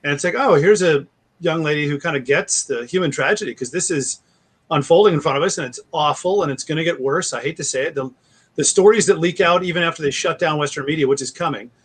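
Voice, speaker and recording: A man in his forties, a guest author telling rambling stories in a casual interview and slipping into animated impressions. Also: fairly high pitch, fast talker, slightly rough. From United States.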